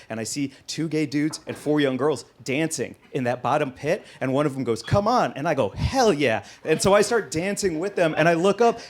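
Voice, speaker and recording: A man on a comedy club stage doing stand-up, his voice sitting a little high for a man. He tells the story with animation and pushes louder and higher at the punchlines. There is a faint hiss of noise behind him. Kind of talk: stand-up set.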